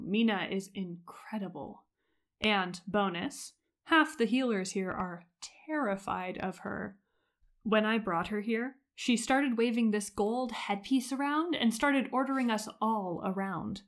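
A woman reading aloud, voicing a bantering, goofy young man who speaks with loud emphasis. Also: medium pitch, natural voice.

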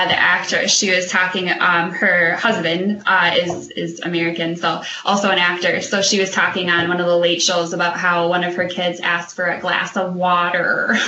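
A woman's voice: on the low side, flat delivery, moderate pace, pushed and bright, reverberant, dull audio, slight background noise. A woman guest on a talk show, making hesitant guesses and laughing often. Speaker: guest speech-language pathologist. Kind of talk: casual interview chat.

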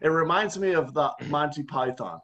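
A man's voice: fairly high pitch, expressive, moderate pace, fairly bright tone, muffled recording. A man co-hosting a casual podcast, ranting heatedly with a sarcastic edge. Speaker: podcast co-host. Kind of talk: heated casual political chat.

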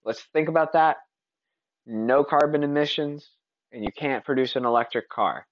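A man's voice: a little high, normal speed, dry recording, highs cut off. A man from Texas hosting a casual solo podcast, talking in an opinionated, rambling way with frequent restarts. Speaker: podcast host.

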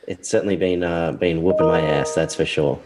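A man's voice: low-pitched, steady tone, brisk, over loud music. A man co-hosting a casual podcast chat with laid-back teasing banter, sounding sniffly and congested. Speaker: podcast co-host.

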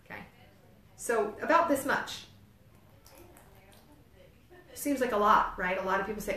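A woman's voice: medium pitch, a little slow, pauses often, sharp tone. A woman with a New York accent, explaining things step by step as a birth educator and often checking in with "right?". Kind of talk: instructional demonstration. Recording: roomy, distant mic, faint ambience.

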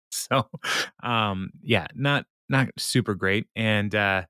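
A man's voice: lowish voice, very slow, pushed and bright, smooth, no room sound, clean studio sound. A man co-hosting a podcast, rambling through an episode recap with many fillers and frequent laughs. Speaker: podcast co-host.

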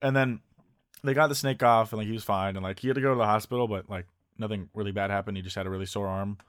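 A young man chatting casually and jokingly on a podcast, sometimes breaking into loud impressions. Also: lowish voice, fairly even intonation, fast, smooth, no echo, clean studio sound. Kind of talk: casual chat.

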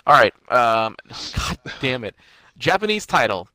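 Man, podcast co-host, bright jokey swearing delivery, dry close sound. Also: mid-range voice, very animated, a little slow, no echo, low-quality recording. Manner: jokey, swears, reads titles out. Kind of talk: casual recap chat.

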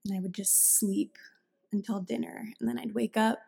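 A woman's voice: mid-range voice, fairly even intonation, moderate pace, vocal fry, dark tone. A young adult woman co-hosting a casual podcast, telling a candid personal story. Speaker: podcast co-host.

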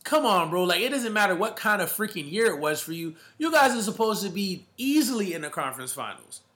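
A man's voice: sits high, very animated, a little fast, a bit bright. A man hosting casual sports talk, emphatic and slangy, often calling people bro.

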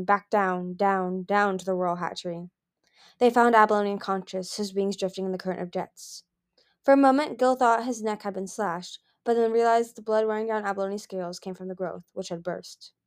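A woman reading a fantasy novel aloud as amateur audiobook narration, in an expressive manner. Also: mid-range voice. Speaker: audiobook reader.

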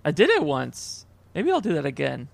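A man co-hosting a podcast rambles through crude, joking stories in loose banter. His voice sits a bit high for a man and carries a gravelly fry. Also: wildly swooping pitch, normal speed, heavy background noise. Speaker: podcast co-host. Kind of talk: casual banter.

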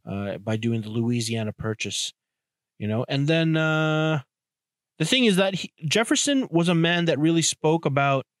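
A young man with a slightly high voice holds forth on his podcast in a loose, profane ramble. He keeps circling back with restarts and asides. The sound is dry and close, with no room around it. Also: no room sound. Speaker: podcast host. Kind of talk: casual solo podcast monologue.

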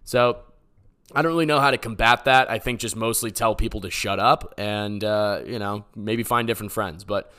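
A man's voice: fairly low pitch, moderate pace, bright, forceful tone, smooth. A man from the Boston area hosting a podcast, answering voicemails with sarcastic, joking chat. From Boston area, USA. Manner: joking, sarcastic, rambling with fillers. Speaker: podcast host.

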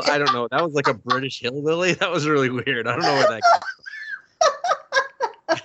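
A man's voice: mid-range voice, animated, brisk, pauses often, highs cut off, background noise. A man co-hosting a podcast in casual chat, ranting in an exasperated, profane way. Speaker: podcast co-host.

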